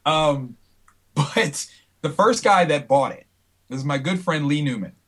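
A comic book creator talks in a casual interview, lively and animated. His voice sits fairly high for a man. He slips into other voices as he tells stories. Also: a little slow. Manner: animated storyteller, acts out quotes.

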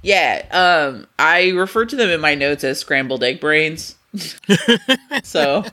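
A man's voice: a little high, expressive, slow, sharp tone. A man co-hosting a podcast, recapping a movie in a wry, profane way and laughing mid-sentence. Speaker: podcast co-host. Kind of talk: casual movie review chat.

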